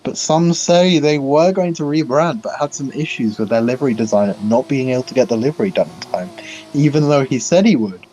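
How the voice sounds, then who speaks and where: A man's voice: mid-range voice, lively intonation, a little fast, warm tone, faint music behind, poor audio. A man, co-commentating a sim race in a casual, informative way. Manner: informative, mock-formal when reading promos.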